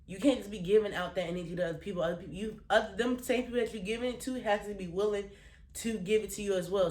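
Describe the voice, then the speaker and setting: Heard in a reverberant space, a medium-pitched woman vlogger gives viewers a blunt, profane motivational talk. She repeats phrases for weight and sounds earnest, emotional and on the verge of tears.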